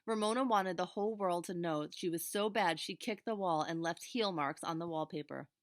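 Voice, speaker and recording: A woman, a teacher, reading a children's chapter book aloud in a steady, expressive way. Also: lowish voice, moderate pace, no echo, clean studio sound. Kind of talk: storybook read-aloud.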